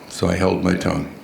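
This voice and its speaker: A man giving a storytelling keynote at a conference, animated and quizzing the audience with questions. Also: deep voice, creaky. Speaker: conference speaker. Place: large conference hall. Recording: echoey hall sound.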